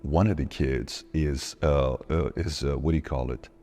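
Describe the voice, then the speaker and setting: A man telling a personal story in an interview, acting out the dialogue with lively shifts in his voice. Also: very deep voice, moderate pace. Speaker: interview guest.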